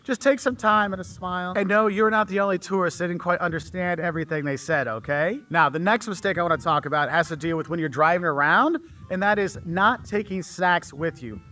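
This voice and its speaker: A man's voice: high-pitched, fairly quick, few pauses, sharp tone. A man giving casual travel advice straight to the camera, chatty and checking in with the viewer. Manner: chatty, repeats 'okay?' to the viewer. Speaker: travel video creator.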